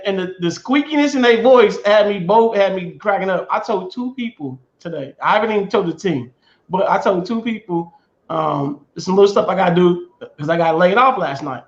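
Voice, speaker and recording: Animated man telling stories in casual chat. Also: high voice, normal speed, echoey room, highs cut off. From US Midwest. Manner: animated storytelling, repeats himself, laughs. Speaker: podcast co-host.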